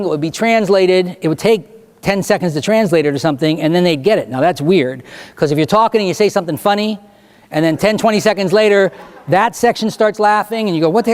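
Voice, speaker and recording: A man speaking as a stage hypnotist, answering student questions and giving slow, deliberate hypnotic suggestions in a school auditorium. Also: high voice, a little mellow. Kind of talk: Q&A talk and hypnotic induction to students.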